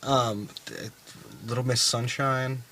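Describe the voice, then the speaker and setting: A man's voice: medium pitch, fairly even intonation, takes it slowly, crowd noise, rough recording. A man co-hosting a casual movie review chat outdoors, ranting and swearing freely. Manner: profane, grumbling rants. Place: outdoors in the cold.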